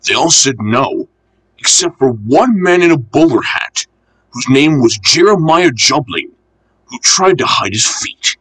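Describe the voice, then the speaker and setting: Bright, expressive male storyteller. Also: medium pitch, a little slow, husky, low-quality recording. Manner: expressive, lively reading. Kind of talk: storybook narration.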